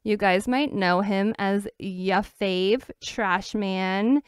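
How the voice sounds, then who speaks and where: A young woman co-hosting a podcast, rambling in casual chat with many fillers and animated quoted asides. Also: mid-range voice, very slow, smooth, no echo, studio quality. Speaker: podcast co-host.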